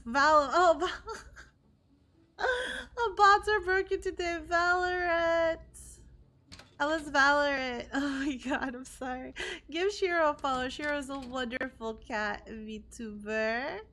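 A woman's voice: high voice, slow pace, sharp tone. A young woman streaming games, chatting casually with her viewers and laughing often. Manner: bubbly, laughs often, reacts to chat. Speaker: VTuber streamer. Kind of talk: casual live-stream chat.

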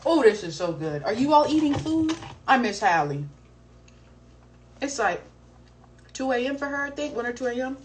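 Young woman, live-stream host. Casual, animated storytelling with slang and swearing, a little off-mic with faint noise behind her. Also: a little high, normal speed, pauses often. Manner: animated, slangy and profane, with exclamations. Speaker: live-stream host answering viewer questions. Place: home, streaming live while eating. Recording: voice a bit distant from the mic, faint background noise.

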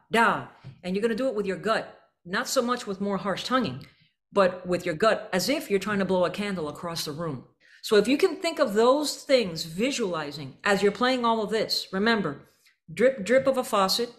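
A jazz clinician with a mid-range, fairly bright voice leads a band rehearsal clinic. She coaches the players using vivid imagery and sings out syllables and rhythm phrases.

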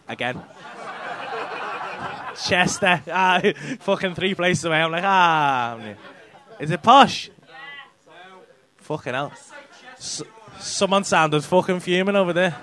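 A man's voice: sits high, a little slow, bright, forceful tone. A middle-aged man doing cheeky, sweary crowd work as a stand-up comedian on a comedy club stage. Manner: cheeky, sweary banter with the audience.

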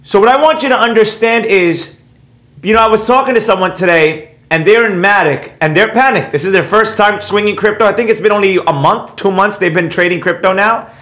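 Male host, middle-aged, high-pitched, brash and lecturing; talks down to viewers and hammers home points. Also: fairly quick. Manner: animated, repeats points for emphasis. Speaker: trading educator and channel host. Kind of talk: casual monologue to viewers, reading live chat.

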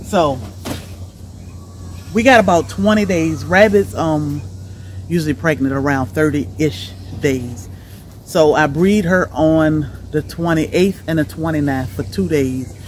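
Chatty, animated homesteading woman. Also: low-pitched, slight background noise. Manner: chatty, animated, laughs often. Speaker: homestead vlogger. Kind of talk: casual chat to viewers.

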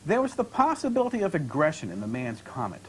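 A male author reads his own fiction aloud to an audience, measured and expressive. His voice sits a bit high and rises and falls in a lively way, with a faint hiss behind it. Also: poor audio. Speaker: author and creative writing professor. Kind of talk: literary reading.

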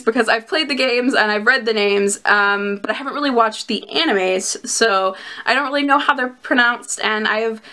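A bubbly young woman talks casually to her camera, giggling often as she chats. Her voice sits a little high and has a bright, forceful edge. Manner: giggly and bubbly, with frequent laughs and fillers. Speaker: vlogger reviewing plush collectibles.

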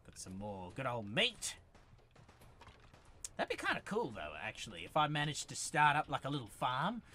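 A young man streaming a game, narrating as he plays and yelling excited taunts and battle cries at enemies. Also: mid-range voice, normal speed, slight background noise. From Australia. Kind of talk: let's-play gaming commentary.

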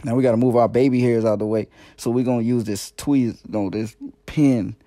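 A man's voice: medium pitch, fairly even intonation, fairly quick, dark tone, no room sound, clean studio sound. A man doing a comedic parody voiceover of a makeup video, playful and slangy, with joking asides.

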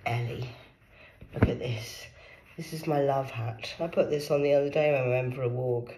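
A British woman vlogging in a rambling live monologue, defiant and boastful, swearing freely and swinging from hushed whispers to loud excited outbursts. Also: extremely low pitch, normal speed, heavy background noise. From United Kingdom.

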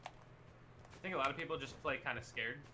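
A man playing as a teammate, chatting casually with lots of fillers and quick exclamations. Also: medium pitch, background noise. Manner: rambling, filler-heavy, reacts with quick exclamations. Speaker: teammate in the match. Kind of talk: casual gameplay chat. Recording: game sounds clearly behind voice.

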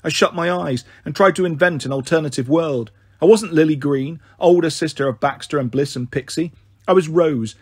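Male storyteller reading a children's novel; steady and expressive, slightly raised pitch, husky edge. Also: no room sound, studio quality. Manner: steady, expressive first-person narration. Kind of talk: children's book read aloud.

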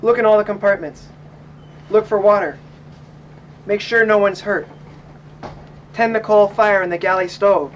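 A man's voice: high-pitched, steady tone, unhurried, pauses often, distant mic, highs cut off, slight background noise. A man reading aloud as a stocky, bearded bosun giving clipped orders to his watch. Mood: commanding.

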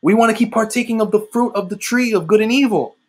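A man's voice: sits high, quick pace. A man preaching an impassioned sermon, often repeating phrases and calling his listeners "guys".

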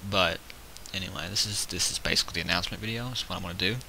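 Game video host, male, low and bright-edged, casual rambling commentary, counts aloud; faint hiss on a home mic. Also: very fast, creaky, low-quality recording. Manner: rambling, counts units aloud, self-correcting. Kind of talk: casual let's-play commentary.

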